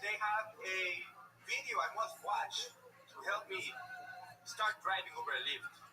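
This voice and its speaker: A man's voice: sits high, recorded from a distance, poor audio. A man doing a stand-up set in a put-on foreign accent with broken English. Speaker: stand-up comedian. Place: live comedy club stage.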